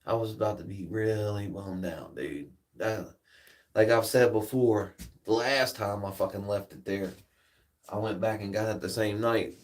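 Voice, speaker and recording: A man with a drawl holds court on his own livestream, rambling loosely from one tale to the next and swearing without a second thought. His voice sits on the low side and sounds a bit distant from the mic, as if he's talking to a phone set up a few feet away outside at night. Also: a little slow. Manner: laid-back rambling storyteller, swears freely. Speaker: livestream host. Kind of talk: casual livestream chat.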